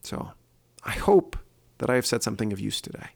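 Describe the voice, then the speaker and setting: A man's voice: lowish voice, sing-song, fairly quick, vocal fry. A man hosting his own opinion podcast, talking earnestly and thinking aloud with frequent fillers. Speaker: podcast host. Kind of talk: solo opinion podcast monologue.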